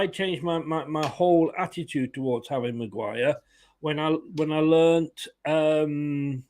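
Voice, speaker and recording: A man hosting a casual fan live stream, chatting, laughing and greeting viewers in the chat. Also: mid-range voice. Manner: chatty, laughs often, reads viewer comments aloud. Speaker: fan channel host.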